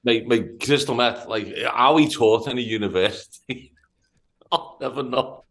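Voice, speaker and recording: A man from Liverpool with a Liverpool accent, telling a profane, animated story on a casual podcast. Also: mid-range voice, measured pace. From Liverpool, England. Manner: profane, animated anecdote-telling with stammered restarts. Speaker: podcast host.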